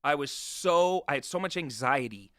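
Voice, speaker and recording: A man speaks as a guest with a bright, tense edge to his voice. He tells his story candidly and uses a lot of profanity, dropping low and then rising loud. The sound is close and dry, with no room echo. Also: normal speed. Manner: animated, profane, swings from hushed to loud. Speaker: guest, real estate investor.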